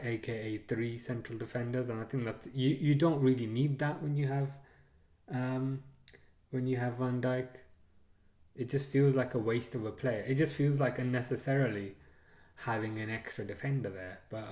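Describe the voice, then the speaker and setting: A man's voice: mid-range voice, reverberant. A man hosting a live stream, chatting casually through a match, reading out viewer comments and trailing off into frequent fillers. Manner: relaxed, hesitant with many fillers; reads out and answers viewer chat.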